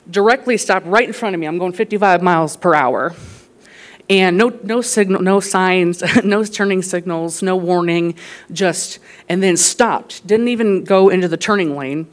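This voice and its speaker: Animated mother telling a testimony. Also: lowish voice. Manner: animated, laughing, rising loud when quoting herself. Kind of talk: casual storytelling testimony.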